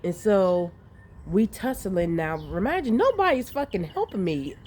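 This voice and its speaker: A woman vlogger telling a story in a casual, animated way, swearing freely and laughing often, recorded outdoors. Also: mid-range voice, a little slow, slight background noise. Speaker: vlogger recounting dreams. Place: outdoors in light rain. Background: rain and outdoor ambience.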